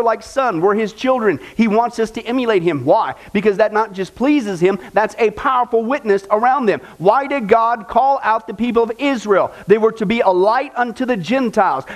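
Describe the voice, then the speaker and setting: Male pastor, fairly high voice, casual sermon full of rhetorical questions, middle-aged. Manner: conversational preaching with rhetorical questions.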